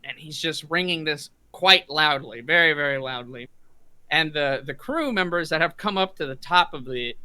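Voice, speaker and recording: A man narrating as game master of a tabletop game, halting with restarts and throat clearing. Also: a little high, bright, forceful tone, no echo.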